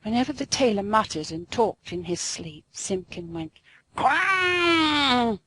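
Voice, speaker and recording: A woman narrating a classic storybook aloud in an expressive, sing-song way. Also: on the low side, moderate pace, slight background noise, rough recording.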